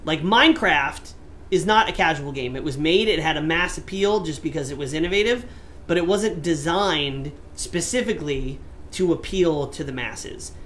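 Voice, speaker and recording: A man co-hosting a casual gaming podcast talks at normal speed in a playful, teasing manner, drawing words out for emphasis. His voice is a little high with a fairly bright tone, and a little hiss or hum can be heard.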